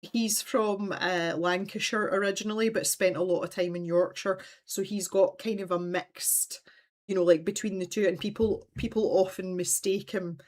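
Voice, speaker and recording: A woman's voice: medium pitch, steady tone, normal speed. Chatty Scottish woman on a livestream. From Scotland. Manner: chatty and rambling, laughs often. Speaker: livestream host. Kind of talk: casual livestream chat.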